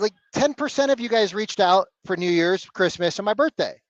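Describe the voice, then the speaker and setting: A man coaching salespeople live on a video call, blunt and animated, swearing casually. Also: high-pitched, fairly quick, hardly any pauses, no echo, highs cut off.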